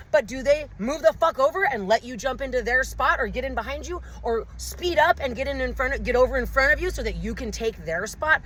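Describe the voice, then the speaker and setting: A woman's voice: sits high, lively intonation, moderate pace, a bit bright, low-quality recording. A woman, ranting angrily and profanely to a phone camera while driving her car. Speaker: vlogger. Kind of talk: angry rant to camera. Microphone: handheld phone camera.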